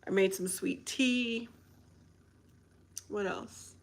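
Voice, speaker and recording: A woman's voice: mid-range voice, very slow, vocal fry, slight background noise. A woman hosting a casual livestream, chatting with viewers, reading their comments aloud and laughing often. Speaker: livestream host.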